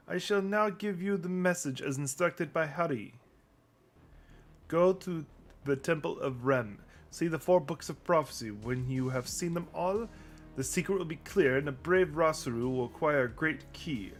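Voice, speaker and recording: A man's voice: fairly high pitch, animated, soft background music, pitched above the performer's own voice. Man doing a solemn priestess with a Russian accent. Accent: put-on Russian. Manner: slow and formal. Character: solemn young priestess, formal, measured.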